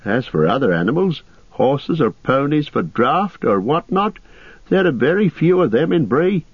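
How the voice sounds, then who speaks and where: Man doing a flustered high-voiced innkeeper Butterbur. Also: big pitch swings, normal speed, breathy edge, no room sound, heavily acted. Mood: unhappy. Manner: high, wailing and fussy. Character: fretful older male innkeeper, flustered. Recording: dull lo-fi dry recording.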